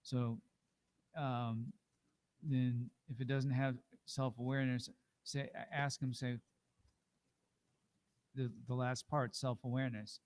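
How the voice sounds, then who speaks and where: A man's voice: mid-range voice, level tone, slow pace, pauses often, darkish tone, rough recording. A man teaching an informal class, patient and encouraging as he coaches a student.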